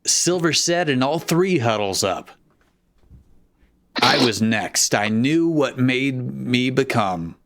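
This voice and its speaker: A man hosting a live comedic fanfiction reading, his voice mid-pitched and lively as it bounces up and down. He narrates at an unhurried pace and keeps slipping into giggles between the lines. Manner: giggly, laughs through the lines. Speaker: host and narrator.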